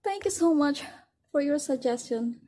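A young woman hosting a reaction video, gushing emotionally in halting, full of "like"s. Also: high voice, expressive, dark tone. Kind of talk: casual reaction commentary.

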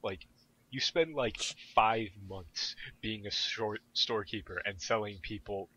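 A young man telling stories in casual podcast chat, self-deprecating and animated. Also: fairly low pitch, a little slow, highs cut off, slight background noise. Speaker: podcast guest.

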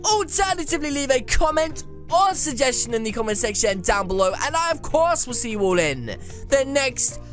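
A woman hosting gameplay commentary, animated and playfully bossy, with teasing insults. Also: high-pitched, moderate pace. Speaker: YouTube gameplay host. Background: faint music.

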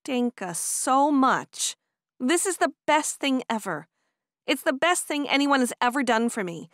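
A woman narrator voicing an eager, chatty young Amish woman who talks high and breathless. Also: sing-song, a little slow, fairly bright tone, no room sound, clean studio sound, heavily acted. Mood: delighted. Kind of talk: audiobook character voice.

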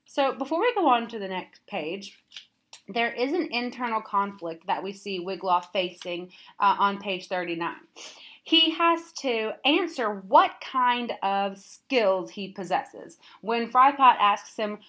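A woman teacher reads a children's chapter book aloud, then stops to explain the story. She asks her listeners guiding questions. Her voice sits at a middle pitch. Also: lively intonation, a little slow, a bit bright.

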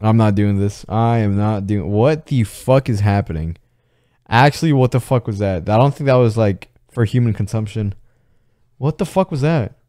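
A young man streaming a video game, reacting loudly with shouts, gasps and swearing. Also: lowish voice, normal speed, no room sound, clean studio sound. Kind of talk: live game commentary.

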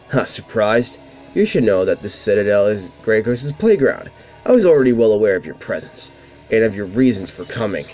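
A cruel ghost villain who taunts and mocks in a theatrical sneer, as a gamer reads his lines aloud. The voice sits low and carries faint game music behind it. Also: a little mellow. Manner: mocking, taunting, with villainous laughs. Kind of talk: reading game dialogue aloud.

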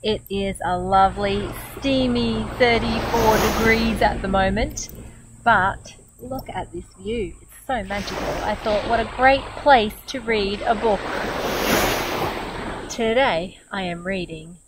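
A middle-aged Australian woman reads a picture book aloud outdoors by the water. She speaks slowly and gently at an ordinary pitch, adding warm asides between pages. Outdoor ambience and insect noise can be clearly heard around her. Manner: gentle, expressive, comments warmly between pages. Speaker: storyteller. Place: outdoors by a beach.

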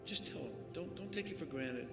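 A man preaching as a pastor, giving an altar call with pleading, repetitive urging that swells at times into shouts. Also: a little high, expressive, brisk, over music. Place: church sanctuary with live music. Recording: echoey hall, live stream.

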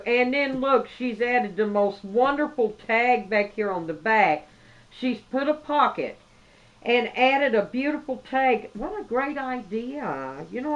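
A woman's voice: mid-range voice, lo-fi sound. A woman chatting to viewers as she opens a craft gift, gushing and effusive. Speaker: craft vlogger. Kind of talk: casual chat.

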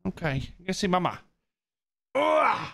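A man's voice: high voice, very animated, measured pace, creaky, a bit bright, a little hiss or hum. A man live-streaming a roleplay game, chatting casually and using playful baby talk. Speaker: streamer and roleplay server owner.

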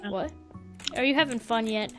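Highish woman voice, gaming chat, keeps saying wait and starting over, faint music behind. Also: normal speed. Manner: scattered, restarts with many "wait"s. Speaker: gamer guiding a friend. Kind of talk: casual gameplay chat. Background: faint game music.

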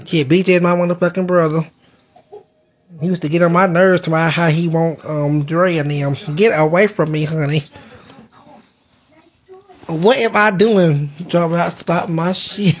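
A woman's voice: on the low side, steady tone, measured pace, long pauses. A woman chatting casually on a live stream from home into a phone, rambling and swearing in a playful way. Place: indoors at home.

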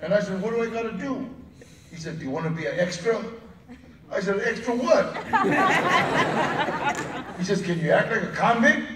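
At a movie premiere, a man with a very high-pitched, very animated voice tells stories casually at a normal speed, leaving long pauses. He laughs often and acts out the voices of people he quotes. The sound is roomy, picked up by a distant mic amid crowd noise.

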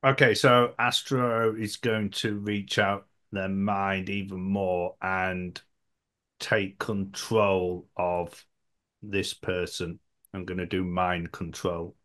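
A man playing in a tabletop role-playing game, deliberate and thinking aloud. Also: low voice, flat delivery, a bit bright. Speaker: player.

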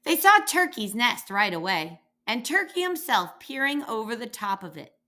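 A woman reads a children's picture book aloud, slowly and with plenty of expression. Her voice is bright and sits a little high, and her pitch swoops lively from line to line as she takes on the animals' voices. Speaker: reader.

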